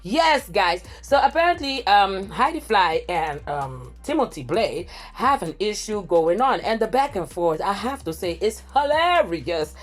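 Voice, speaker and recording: A woman hosting a gossip reaction commentary, talking in a dramatic, theatrical way with drawn-out exclamations. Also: mid-range voice, big pitch swings, faint music behind. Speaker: gossip reporter host.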